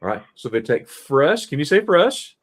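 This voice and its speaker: A middle-aged man hosting a casual live stream, telling animated stories and quizzing his listeners as he goes. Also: on the high side, moderate pace. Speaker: host.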